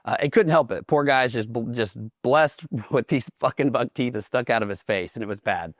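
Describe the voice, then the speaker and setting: A man's voice: medium pitch, normal speed, no echo. Man from Oklahoma, casual guest storyteller, swears a lot, laughs often, dry close sound. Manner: profane, laughs while telling stories. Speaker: guest veteran.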